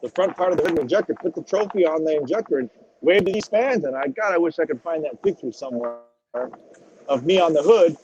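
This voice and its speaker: Man telling stories, slightly high-pitched, muffled sound. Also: fast talker. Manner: animated, swears freely, acts out quotes. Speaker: retired drag racing driver as podcast guest. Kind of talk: casual storytelling interview. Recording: dull lo-fi audio.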